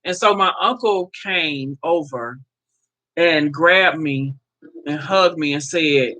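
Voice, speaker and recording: A woman's voice: deep voice, slow, pushed and bright, low-quality recording. A woman in her fifties hosting a casual livestream, speaking heartfelt and direct to her viewers, often repeating herself. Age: 50s. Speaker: livestream host. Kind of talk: casual live-stream chat with viewers.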